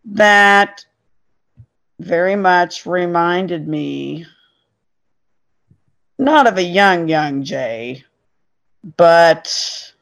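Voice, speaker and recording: She speaks in a lowish, gravelly voice, a middle-aged parent appearing as a guest on a podcast. She tells a casual story with earnest emphasis. The sound quality is dull and lo-fi.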